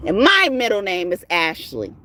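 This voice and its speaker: A woman's voice: lowish voice, wildly swooping pitch, moderate pace, a little hiss or hum. A woman tarot reader ranting to her viewers in a heated, profane, emphatic way. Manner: profane, emphatic, rising to shouts. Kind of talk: heated casual rant to viewers.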